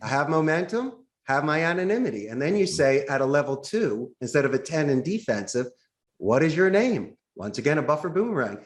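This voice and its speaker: Animated man coaching sales tactics. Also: a little high, fast talker, hardly any pauses. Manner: enthusiastic, acts out phone calls with bright voices. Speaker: call center CEO, interview guest. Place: in Costa Rica.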